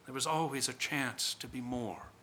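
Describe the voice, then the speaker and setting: A man doing a calm, gentle young man of faith. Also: medium pitch, moderate pace, slight background noise, close to an everyday voice.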